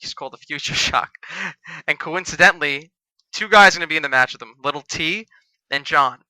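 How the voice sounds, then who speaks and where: Young male podcast co-host, quick crisp delivery, dry close sound, loves a crude story. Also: on the high side, no echo, poor audio. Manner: profane, animated storyteller. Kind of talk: casual storytelling chat.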